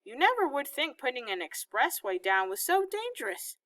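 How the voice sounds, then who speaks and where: Woman reading a story out loud, bright clear voice, steady even telling. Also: high-pitched, normal speed, low-quality recording. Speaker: audiobook reader. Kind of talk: reading a novel aloud.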